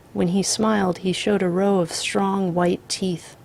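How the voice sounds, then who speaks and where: A woman narrating a literary short story in a measured, steady storytelling voice. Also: mid-range voice, creaky, slight background noise.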